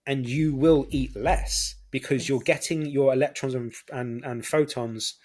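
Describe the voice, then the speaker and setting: A man as a podcast guest, explaining health ideas in earnest and slowing down on key words. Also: mid-range voice, fairly even intonation, darkish tone. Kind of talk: casual interview chat.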